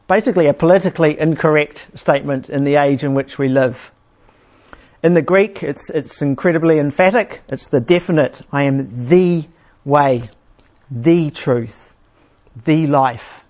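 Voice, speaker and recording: A man preaching a sermon in a conversational way, restarting phrases often and slowing down to read scripture with emphasis. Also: fairly high pitch. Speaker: pastor. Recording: dull lo-fi sound.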